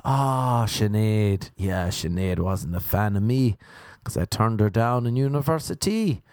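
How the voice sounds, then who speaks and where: A man's voice: fairly low pitch, lively intonation, moderate pace, a little mellow, no echo, studio quality. A young Irish man telling rambling, sweary, self-mocking stories in a casual monologue, acting out other people's voices as he goes. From Ireland.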